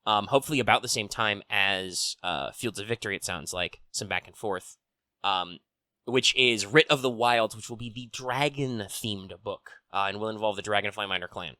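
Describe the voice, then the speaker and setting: A man hosting a tabletop role-playing news show, chatting casually and rambling with frequent pauses and restarts into a desk microphone. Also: lowish voice, sharp tone, dry recording. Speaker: tabletop RPG news host. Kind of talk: casual solo chat. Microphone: desk mic on arm.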